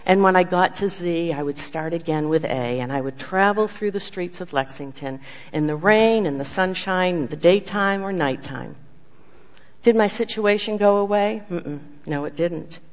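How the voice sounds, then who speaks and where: Earnest devotional speaker, emphatic then hushed, mid-pitched, muffled lo-fi recording with a long hall tail. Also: normal speed. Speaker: speaker giving a devotional message. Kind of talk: sermon with personal testimony. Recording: dull lo-fi sound with long hall reverb.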